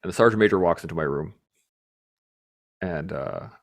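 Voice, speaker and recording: A man hosting a podcast, telling stories in a casual, animated way, swearing freely and laughing as he talks. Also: sits low, moderate pace. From Canada. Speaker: podcast host. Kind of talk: casual storytelling chat.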